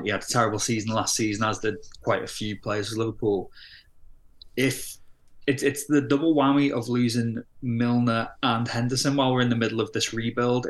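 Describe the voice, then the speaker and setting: A man co-hosting a casual football podcast, talking in an easygoing, hesitant way with frequent restarts. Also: on the low side. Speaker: podcast co-host.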